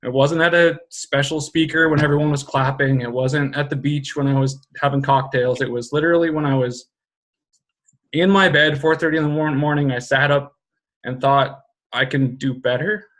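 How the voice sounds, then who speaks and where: A man's voice: medium pitch, steady tone, moderate pace, a bit bright. A man on a team video call, speaking earnestly in a motivational pep-talk manner.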